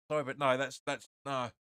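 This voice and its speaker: A man hosting a fan watch-along, giving live match commentary and reading viewer comments. He is excitable and opinionated, and keeps insisting "sorry, but no.". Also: mid-range voice, clean tone, dry recording, studio quality.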